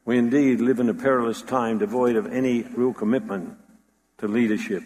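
Dramatic preacher in an echoing hall. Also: male voice, mid-range voice, fairly even intonation, brisk, darkish tone. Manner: dramatic storytelling, acts out quoted voices. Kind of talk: sermon. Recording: long hall reverb.

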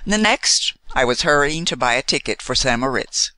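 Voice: medium pitch, expressive, moderate pace, pushed and bright. A reader voicing an easygoing, confident American man who speaks playfully, in an audiobook reading. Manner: playful, self-assured.

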